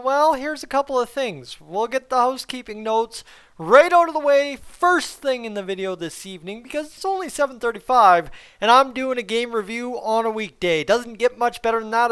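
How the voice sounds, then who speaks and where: A middle-aged man hosting a hockey post-game review, talking in excitable, sarcastic, animated rants. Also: extremely high pitch, normal speed, smooth. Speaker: hockey vlogger.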